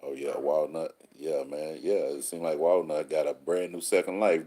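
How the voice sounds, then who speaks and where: A man with an extremely low, husky voice talks easily to his listeners. His tone is mellow and dark, and he drawls through street slang and little rhyming sayings. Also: steady tone, normal speed, few pauses. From Texas. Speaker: call-in show host. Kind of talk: casual monologue answering listeners.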